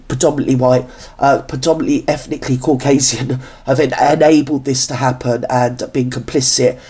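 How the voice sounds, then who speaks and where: A man's voice: on the high side, a little mellow. A man from Britain hosting a reaction video, delivering a blunt, indignant rant full of earthy working-class slang.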